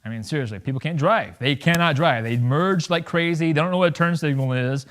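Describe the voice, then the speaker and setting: A veteran in his thirties gives a public talk to an audience, blunt and joking, acting out conversations as he recounts them with wide swings in loudness. His voice is a little high and his delivery brisk.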